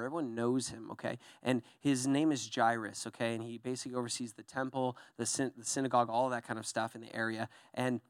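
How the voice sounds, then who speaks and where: A young adult pastor gives a conversational sermon, checking in with "okay?" and "right?" as he animatedly acts out voices from the Bible story. His voice is medium-pitched, recorded with studio quality and no room sound.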